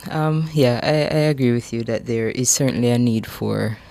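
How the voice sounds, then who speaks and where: Very low, gravelly woman co-host. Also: normal speed, dark tone.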